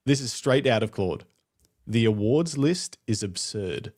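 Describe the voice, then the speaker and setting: A man's voice: on the low side, expressive, a little slow, darkish tone. A man with an Australian accent co-hosting a podcast, an eager fan who laughs easily. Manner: enthusiastic fan, laughs readily. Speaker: podcast co-host. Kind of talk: casual podcast chat.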